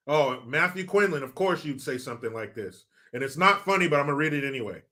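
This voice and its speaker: A man's voice: on the high side, expressive, normal speed, pushed and bright. A man hosting a live commentary stream, reading chat comments in a mock-serious, sarcastic and profane way.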